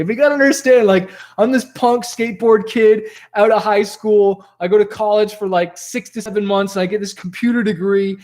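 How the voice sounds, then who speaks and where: A man, a rap rock musician, telling stories from his past in a motivational talk to camera, animated and conversational, full of "like" and "okay?". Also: high voice, fairly quick, hardly any pauses.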